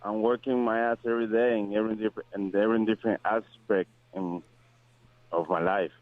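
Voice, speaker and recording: A man's voice: on the low side, steady tone, no echo. Man on a phone line. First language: Spanish. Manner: friendly, halting non-native English. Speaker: fighter, guest. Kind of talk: phone interview. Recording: dry, tinny phone line.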